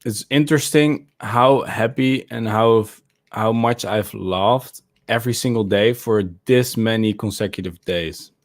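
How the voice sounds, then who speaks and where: A man from the States chatting on a group livestream. He sounds easygoing and laughs often, stretching his phrases out slowly. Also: fairly low pitch. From United States. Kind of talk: casual group chat on a livestream.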